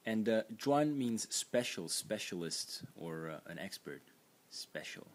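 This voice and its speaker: A man's voice: on the low side, animated, measured pace. A man teaching a lesson in an unscripted, explanatory way, with frequent fillers and restarts as he points things out on screen. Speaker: language teacher. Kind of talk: screen-recorded lesson narration.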